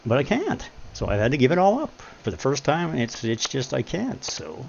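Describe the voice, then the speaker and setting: A man's voice: mid-range voice, huge pitch swings, normal speed, creaky, darkish tone. A man streaming a game, talking candidly and emotionally about his life and swearing freely. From Canada. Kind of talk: casual chat. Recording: lo-fi stream audio with faint noise.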